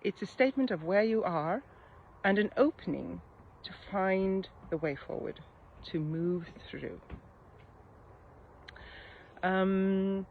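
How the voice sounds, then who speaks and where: Middle-aged woman, mindset coach, thoughtful delivery with many soft pauses; slightly dull recording, faint hiss behind. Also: mid-range voice, creaky. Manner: reflective, pausing often with soft fillers. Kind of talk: casual coaching talk. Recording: slightly muffled with faint background noise.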